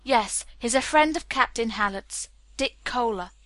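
A woman's voice: a little high, a little slow, fairly bright tone, no echo. A woman voicing a cocky young man, wry. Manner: wry, light, teasing. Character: breezy, self-assured young man playing detective.

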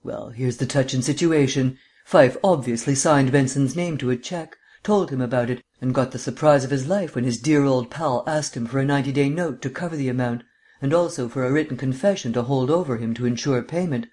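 In an audiobook reading, a male narrator voices a languid, erudite amateur detective who lectures at length in a mannered drawl. His own voice is natural and medium-pitched, a little fast and slightly mellow.

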